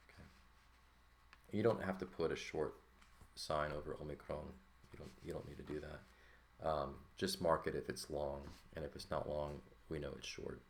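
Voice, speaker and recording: A man teaching a Greek lesson in a relaxed, thinking-aloud way, with fillers and checks like "right?". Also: a bass voice, vocal fry. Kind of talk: casual lesson walkthrough.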